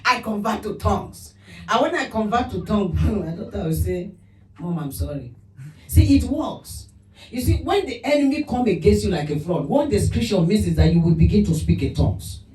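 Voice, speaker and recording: A woman pastor preaching a lively sermon, laughing often and breaking into mock speaking in tongues. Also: mid-range voice, fairly quick. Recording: echoey room, voice from a distance.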